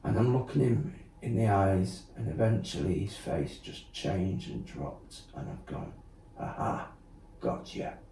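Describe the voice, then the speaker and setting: Blunt low-voiced man, roomy. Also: animated, unhurried, gravelly, hardly any pauses, dark tone, slight background noise. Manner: blunt, swears, acts out quotes, many fillers. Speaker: podcast guest. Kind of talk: candid storytelling. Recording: roomy sound, distant mic.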